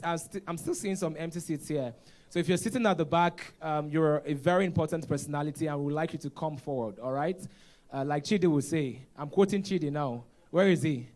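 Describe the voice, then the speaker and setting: A man's voice: fairly high pitch, fairly quick, a little mellow. A man hosting a conference on stage, joking with the audience. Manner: playful, jokes with the audience. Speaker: conference host. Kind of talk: live event hosting.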